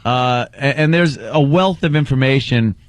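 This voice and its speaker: A man's voice: medium pitch, normal speed, no echo. A man co-hosting a talk radio show, wry and opinionated. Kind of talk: casual talk radio banter.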